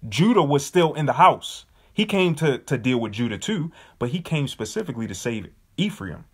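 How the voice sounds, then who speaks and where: A husky, medium-pitched man leads a Bible study at a moderate pace, his pitch swinging widely. He speaks emphatically and casually, repeatedly asking rhetorical questions about whether his listeners understand.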